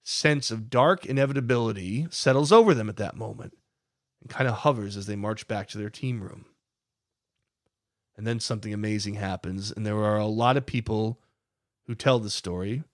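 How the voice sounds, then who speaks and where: A man's voice: lowish voice, no room sound, clean studio sound. A man narrating a podcast, telling the story with emphatic, dramatic builds.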